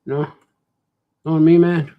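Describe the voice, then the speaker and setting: A man's voice: a little high, little pitch movement, unhurried, phone-quality sound. A man, a cartoonist, chatting casually while he draws, rambling playfully and joking to himself. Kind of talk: casual chat while drawing.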